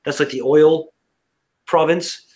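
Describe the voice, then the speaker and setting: A man with a fairly high-pitched voice joins a casual livestream. He rambles through his stories, repeating himself and stumbling over his words. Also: fairly even intonation, slow, darkish tone. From Canada. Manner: rambling, stammering storyteller.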